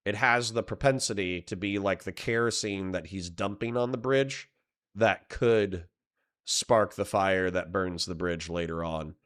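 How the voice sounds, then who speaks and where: A man's voice: lowish voice, a bit bright, smooth. A man streaming live, rambling and swearing while he comments and reads chat messages aloud.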